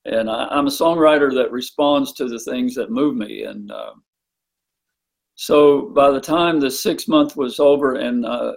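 A middle-aged man, a songwriter, speaking reflectively in an interview with many pauses. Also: medium pitch, creaky, husky. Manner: halting, reflective, many fillers. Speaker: guest.

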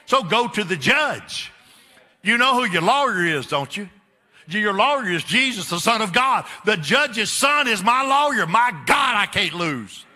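A man preaches to his congregation in an emphatic, repeating rhythm. His voice is high and piercingly bright. It rings with a long reverb through the sanctuary. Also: very animated, unhurried. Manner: emphatic, repetitive preaching with spoken asides to the congregation. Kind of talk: sermon. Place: church sanctuary. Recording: echoey church hall.

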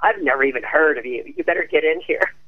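A woman putting on the gravelly, rough voice of a blunt, bossy older woman agent, heard over a tinny phone line. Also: low-pitched, fast talker, voice pushed down.

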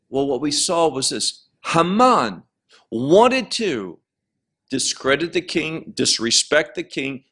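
Guy teaching a bible chapter real slow and emphatic, kinda high voice. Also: fairly bright tone. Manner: slow, emphatic, explains Hebrew words.

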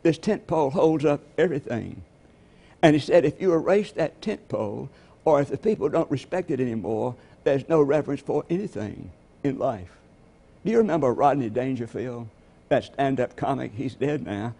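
A man's voice: mid-range voice, expressive, normal speed, vocal fry, dark tone. A man preaching a sermon as pastor, telling stories and asking the congregation rhetorical questions.

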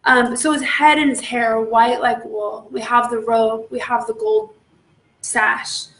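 A woman leading a devotional meditation, often exclaiming in awe and laughing softly. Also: a little high, fairly even intonation, measured pace, roomy sound. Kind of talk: devotional teaching.

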